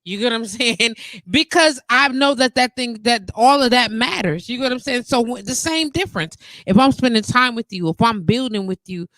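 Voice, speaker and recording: Female live-show host, fairly high pitch, lively and talkative. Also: normal speed, no echo. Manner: animated, repeats "you get what I'm saying". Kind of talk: casual live-stream chat.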